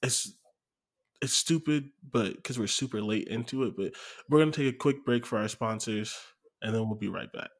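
A man with a slightly husky, breathy voice co-hosts a casual sports podcast. He rambles through football scores, jokes around and laughs often. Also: mid-range voice, normal speed. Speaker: podcast co-host.

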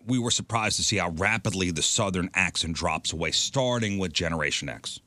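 Brief: radio host, a man, low voice with a bright edge, inquisitive. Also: a little fast, no echo. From New York. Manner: inquisitive, leads the discussion. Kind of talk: casual studio banter. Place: radio studio.

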